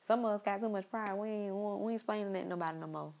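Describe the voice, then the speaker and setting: Gravelly-voiced young woman chatting casually. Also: medium pitch, very fast, darkish tone, low-quality recording. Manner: chatty and rambling, with repeated asides to listeners. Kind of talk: casual monologue.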